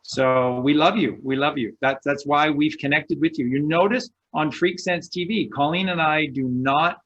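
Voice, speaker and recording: A man's voice: fairly high pitch, normal speed, fairly bright tone, lo-fi sound. A man co-hosting an online show, talking in an impassioned, preachy way and repeating his encouragement. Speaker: show co-host. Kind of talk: impassioned conversational speech.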